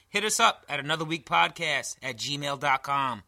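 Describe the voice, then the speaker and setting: Bright-voiced joking New man. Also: on the high side, moderate pace, vocal fry. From New York. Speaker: podcast co-host. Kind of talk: casual chat.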